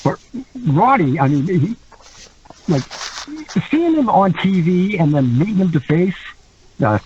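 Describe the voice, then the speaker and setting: A man, a guest on a podcast, telling a story in a casual, animated way, laughing often and acting out quotes in other voices. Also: high voice, measured pace, dull audio, a little hiss or hum. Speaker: guest wrestler.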